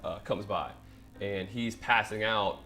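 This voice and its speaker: A man's voice: lowish voice, loud music behind the voice. A young man as a podcast guest, telling a story in casual chat with frequent ums and uhs. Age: young adult. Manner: rapid talker, many ums and uhs.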